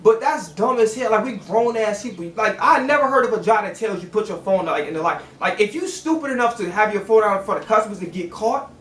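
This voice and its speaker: A man's voice: sits high, expressive, fast talker, a bit bright. A man telling a casual storytime in a heated, profane rant that acts out both sides of an argument. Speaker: storytime vlogger. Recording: roomy echo.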